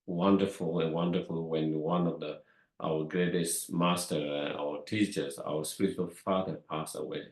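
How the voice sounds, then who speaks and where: A man whose first language is Tibetan, giving a dharma talk in a slow, halting way with many fillers and repeated words. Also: extremely low pitch, steady tone, darkish tone. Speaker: Buddhist teacher. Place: meditation hall. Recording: echoey room.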